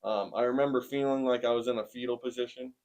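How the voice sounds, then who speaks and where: A man in his forties tells a hard personal story in plain, earnest words. His voice sits at an ordinary middle pitch, and he often pauses with a soft "um" before going on. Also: fairly even intonation. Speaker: interviewee sharing a testimony. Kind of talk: personal testimony in conversation.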